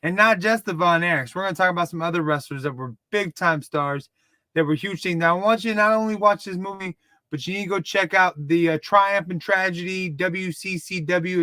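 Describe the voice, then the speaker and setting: A man in his thirties from Dallas with a Texan accent, rambling excitedly and mocking himself while reviewing a movie. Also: high voice, normal speed, no echo. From Dallas, Texas. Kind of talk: casual video review.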